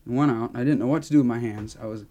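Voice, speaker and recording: A man's voice: medium pitch, very fast, noisy background. A man from the United States recalling his early career in an old interview, candid and self-mocking. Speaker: interviewed singer. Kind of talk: archive interview reminiscence.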